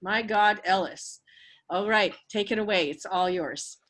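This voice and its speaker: A woman's voice: mid-range voice, measured pace, a bit bright, rough recording. A woman hosting an open mic over a video call, introducing a poet in an encouraging, admiring way. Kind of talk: introducing performers. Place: home, indoors.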